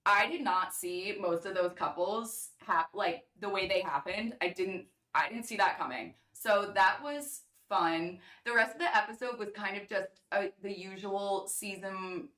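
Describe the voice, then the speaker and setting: A woman's voice: medium pitch, a little slow, few pauses, pushed and bright, reverberant. A young woman co-hosting a casual chat, easygoing and hesitant, with many "um"s. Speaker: podcast co-host.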